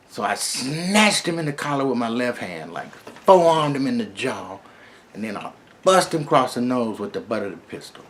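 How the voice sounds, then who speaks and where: A man's voice: medium pitch, big pitch swings, normal speed, slight background noise. Middle-aged man telling a street story. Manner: laid-back, streetwise, profane, conversational. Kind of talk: casual first-person storytelling.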